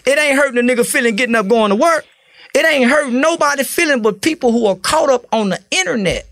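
A man's voice: very high-pitched, animated, quick pace, fairly bright tone, no room sound, studio quality. A man from Fort Worth, giving an interview in blunt, profane, preachy street talk. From Fort Worth, Texas. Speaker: interview guest.

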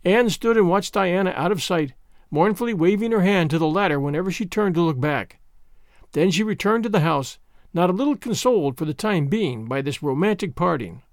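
A man hosting and narrating a classic novel aloud in a measured storytelling manner. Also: high-pitched, animated, no room sound, studio quality. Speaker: podcast host and reader. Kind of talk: audiobook narration.

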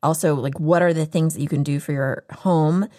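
A woman hosting a casual podcast chat, talkative and quick to laugh. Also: low voice, steady tone, warm tone. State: pregnant, on bed rest. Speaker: podcast host.

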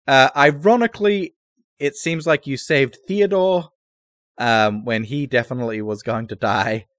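A man running a tabletop horror game as game master, narrating scenes in a measured, slow way. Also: mid-range voice, fairly bright tone, dry recording, clean studio sound.

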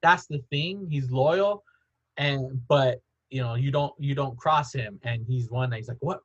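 A man's voice: mid-range voice, measured pace, dull audio. A man in casual podcast chat, rambling with many "like"s, restarting his sentences and laughing often.

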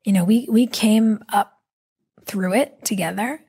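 Breathy woman telling stories animatedly. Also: mid-range voice. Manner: animated, quick asides, acts out quotes. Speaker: interview guest. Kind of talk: casual conversational storytelling.

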